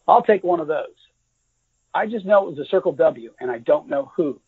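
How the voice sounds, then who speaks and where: A man reading aloud and voicing a calm, matter-of-fact young bomber pilot in a storybook reading. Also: on the high side, normal speed, husky, no echo, narrow, tinny audio, heavily acted. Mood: steady. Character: young adult male bomber pilot, calm and plain-spoken.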